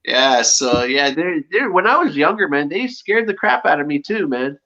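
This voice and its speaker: A man co-hosting a casual live show, chatting excitedly with a forceful, tense edge. His voice sits a touch high for a man. The audio is muffled and lo-fi, like a web stream. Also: moderate pace. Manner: excitable, reenacts scenes with loud impressions. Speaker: show co-host. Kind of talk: casual chat.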